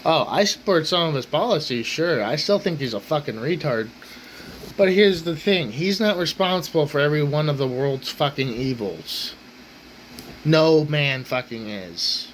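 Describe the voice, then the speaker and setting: A man's voice: a little high, animated, normal speed, a little hiss or hum, poor audio. A man hosting his own rant channel, talking bluntly and swearing constantly in an angry rant.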